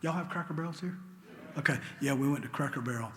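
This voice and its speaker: A man's voice: on the high side, fast, a bit bright. A man telling an emotional recovery story to a meeting in a church hall, sometimes dropping to a near whisper. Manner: earnest and emotional, drops to a near whisper at tender moments. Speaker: AA meeting speaker. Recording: long hall reverb with faint ambient noise.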